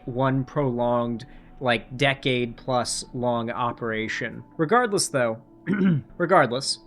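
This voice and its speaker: A man's voice: mid-range voice, a bit bright. A man giving casual political commentary in a conversational way, with filler words and restarts, and Ukrainian as his first language.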